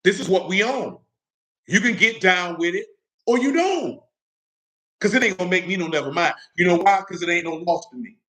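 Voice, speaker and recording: A man's voice: fairly high pitch, pushed and bright, rough recording. A young man preaching in a loose, conversational way, mixing stories and slang and often asking if listeners follow him. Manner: street-casual, asks "you know what I'm talking about?". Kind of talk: casual sermon with storytelling.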